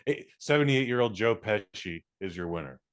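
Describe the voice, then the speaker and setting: Low-voiced guy on a podcast spinning a goofy rambling tale, laughs easy. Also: lively intonation, a little fast. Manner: rambling storyteller, laughs easily. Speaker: podcast co-host. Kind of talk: casual podcast banter.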